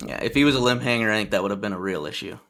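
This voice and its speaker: A man's voice: fairly low pitch, racing. A man from Ontario, a podcast guest, telling a hunting story in casual chat over a video call and acting out the lines of the people in it. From Ontario, Canada. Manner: lively storyteller who acts out other people's quotes.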